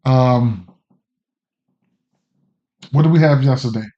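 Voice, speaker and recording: A relaxed man hosts a betting livestream and talks in a loose, slangy ramble, greeting viewers by name as he goes. His voice sits at an ordinary pitch. The stream audio is a little dull and lo-fi. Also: slow pace. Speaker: sports betting podcast host. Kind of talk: casual livestream chat.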